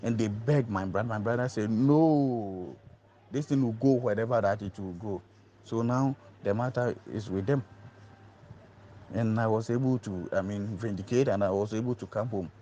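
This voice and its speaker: Mellow-voiced man telling a story. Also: normal speed, lo-fi sound, a little hiss or hum. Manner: acts out quoted dialogue, pitch jumping high on exclamations; repeats and restarts words. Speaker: storyteller recounting an ordeal. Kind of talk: animated first-person storytelling.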